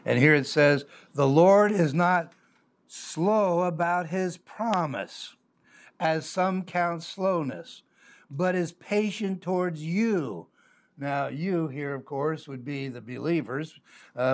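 A man, a pastor teaching a sermon, reading scripture slowly and then arguing it through conversationally with fillers. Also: a little high.

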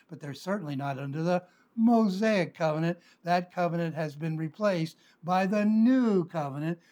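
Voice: medium pitch, a little mellow. A preacher giving a Sunday sermon in a frank, conversational way, with wry asides and filler words.

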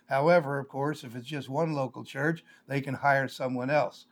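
An older man, a pastor, giving a measured, explanatory Bible lesson on a live stream, with frequent "uh" fillers. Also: medium pitch, fairly even intonation.

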